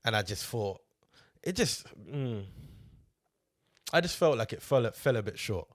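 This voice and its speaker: A man's voice: fairly low pitch, lively intonation, a little slow, no room sound, clean studio sound. A man co-hosting a film review, easygoing and hesitant, often restarting his sentences. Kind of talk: casual review chat.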